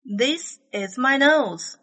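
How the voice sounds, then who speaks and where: A woman reading numbered items from an English listening test, each phrase slow, carefully spaced and evenly paced. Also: high voice, lively intonation, fairly bright tone, poor audio.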